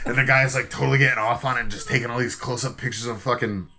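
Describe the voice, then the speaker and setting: A man's voice: medium pitch, fast, a little hiss or hum. A man co-hosting a podcast, telling a rambling story full of swearing and acting out the voices of the people in it. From Providence area, US. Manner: profane, animated storyteller acting out quotes. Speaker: podcast co-host. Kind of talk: casual storytelling chat.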